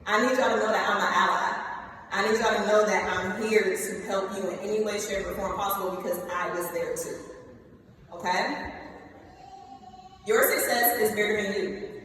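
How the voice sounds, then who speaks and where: A young woman speaking to graduates in a big hall, her voice heard from some distance and ringing with long reverb. She talks straight to the students, lively, checking in with "okay?" between points. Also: mid-range voice, slight background noise. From Ohio, US. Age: late 20s. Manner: lively, addresses the students directly with "y'all" and "okay?". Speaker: commencement speaker. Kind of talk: motivational speech. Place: large hall.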